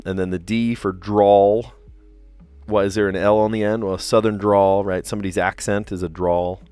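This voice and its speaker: A teacher in his thirties with a lowish voice chats casually on his puzzle livestream. He's relaxed and chatty, using lots of fillers and laughing easily.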